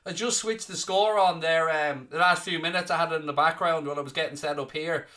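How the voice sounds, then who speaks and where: Upbeat young male stream host, high and bright, casual chat with viewers. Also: fairly even intonation, fairly quick. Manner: chatty and upbeat, greets chatters by name. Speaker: host of a football watchalong stream. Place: home streaming setup.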